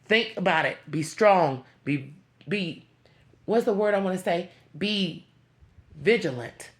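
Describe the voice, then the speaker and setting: A woman's voice: on the low side, animated, slow pace. A woman speaking to her viewers in an emotional, heartfelt motivational talk, pleading and repeating herself, close to tears. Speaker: vlogger.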